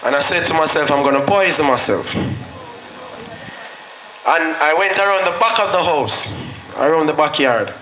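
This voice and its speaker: A man's voice: fairly high pitch, normal speed, bright, forceful tone. Jamaican man speaking in an echoey hall. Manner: earnest storytelling, slips into patois when quoting himself. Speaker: guest speaker at a graduation. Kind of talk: motivational speech. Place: school graduation ceremony. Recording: echoey hall with faint noise.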